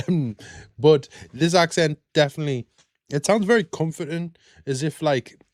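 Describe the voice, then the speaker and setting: British dude rambling and joking thru a reaction vid, dry close sound. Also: male voice, fairly high pitch, a little slow, dry recording. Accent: British English. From Britain. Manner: chatty, jokey, rambling asides. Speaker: reaction video host. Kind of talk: casual reaction commentary.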